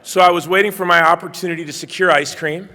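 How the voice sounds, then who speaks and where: A middle-aged man giving a keynote speech, telling a personal story in earnest and moving between quiet and loud passages. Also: high-pitched, steady tone, fast. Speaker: keynote speaker. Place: banquet hall. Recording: reverberant hall.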